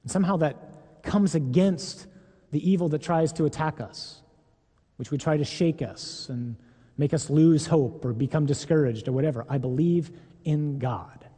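A man preaching a Catholic sermon in an earnest, emphatic and deliberate way, reading scripture aloud. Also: a little high, dark tone, husky, big-room sound.

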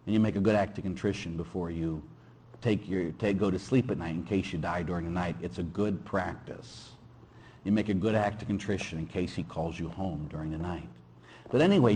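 A man's voice: medium pitch, breathy edge. A middle-aged man, a Catholic priest, preaching a sermon and telling stories animatedly. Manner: animated storyteller, acts out quoted voices.

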